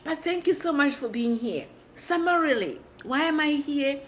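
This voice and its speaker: A middle-aged woman hosting a casual livestream, chatting playfully with viewers and laughing often, her voice hoarse. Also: high voice, lively intonation, moderate pace, a little hiss or hum. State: hoarse from screaming. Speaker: livestream host.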